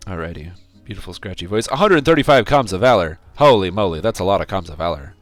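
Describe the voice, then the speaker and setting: Male streamer with a scratchy sore throat, lowish voice, rambling play-by-play that breaks into excited yelps. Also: quick pace, no echo, faint music behind. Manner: rambling, with sudden excited outbursts. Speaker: game streamer. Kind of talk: casual gameplay commentary.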